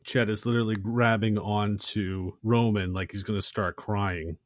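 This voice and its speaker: Low guy on a movie podcast retelling a scene, dry close sound, acts out the lines. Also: fairly even intonation, normal speed, dry recording. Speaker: podcast co-host. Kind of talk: casual movie recap.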